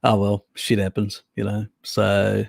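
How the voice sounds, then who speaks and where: A relaxed Australian man chatting on his own live stream, rambling loosely and swearing now and then. His voice sits low with a gravelly fry. The sound is dry, with no room around it. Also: unhurried, no room sound. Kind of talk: casual chat reading viewer comments.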